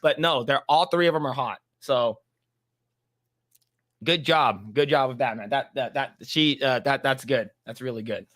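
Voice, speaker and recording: A man's voice: medium pitch, normal speed, a bit bright, no echo, studio quality. Man, chatty, rambling host. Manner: rambling, laughs often. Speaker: podcast host. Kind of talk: casual livestream chat.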